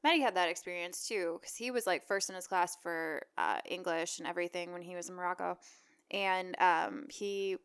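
Woman co-host, lower pitch, smooth clear tone, easy back-and-forth. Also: moderate pace, fairly bright tone. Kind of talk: casual chat.

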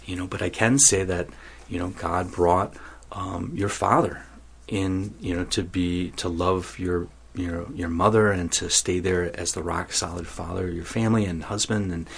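A man's voice: low voice, steady tone, normal speed, vocal fry, husky. A man as an interview guest, telling his vocation story in an earnest, self-mocking way.

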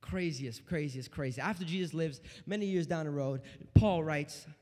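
A high-pitched man preaching a sermon in a church, with a long reverb trailing his words. He preaches with animation, dropping to a hush and then rising loud. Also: moderate pace. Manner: animated preaching, swinging between hushed and loud.

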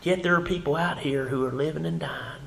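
A male pastor preaches fervently in a church sanctuary. His voice sits a little high for a man. He swells to loud emphatic runs, then falls to a hushed whisper. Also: fairly even intonation, fairly quick, gravelly, reverberant. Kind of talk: sermon.

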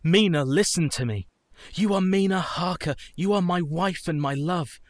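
An actor playing an earnest young solicitor and devoted husband, in radio drama style. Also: male voice, sits high, normal speed, no room sound, clean studio sound, natural voice.

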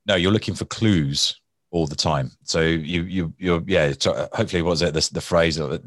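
Very deep-voiced man, dry sound. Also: moderate pace, no room sound. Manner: animated storytelling, acts out angry people; repeats and restarts words. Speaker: guest, former hostage negotiator. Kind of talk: conversational interview.

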